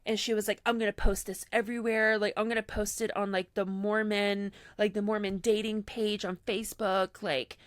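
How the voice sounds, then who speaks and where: A woman's voice: medium pitch, normal speed, hardly any pauses, dry recording, studio quality. A woman co-hosting a casual podcast, animatedly retelling a story with lots of "like" and quoted dialogue. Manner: animated retelling, heavy use of "like", quoting others in her own voice. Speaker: podcast co-host.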